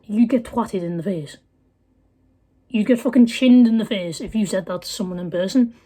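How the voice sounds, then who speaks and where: A woman's voice: medium pitch, dark tone. A woman in her late teens, ranting heatedly to camera as a vlogger, blunt and swearing often. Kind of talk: angry profane rant.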